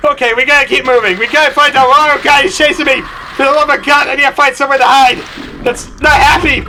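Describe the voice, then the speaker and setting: Male gaming host, high voice, hammy mock-terror commentary, noisy recording. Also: fairly even intonation, fast. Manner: shifts from mumbled planning to loud mock panic. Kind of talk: gameplay commentary.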